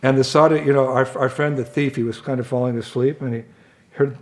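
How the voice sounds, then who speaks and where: A man's voice: medium pitch, flat delivery, fairly quick. A man giving a sermon at a temple, telling a story with humor and asides. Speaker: temple speaker.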